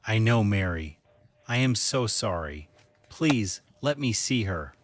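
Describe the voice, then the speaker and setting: A man playing a remorseful young husband after a drunk-driving crash, in a slow scripted learner's story, pleading and desperate. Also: lowish voice, very animated, full character voice. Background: faint music.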